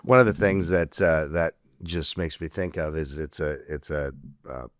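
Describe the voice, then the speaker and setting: A podcast host with a very deep voice talks at a moderate pace in a relaxed, rambling casual conversation, laughing easily. The recording is dry, with clean studio sound.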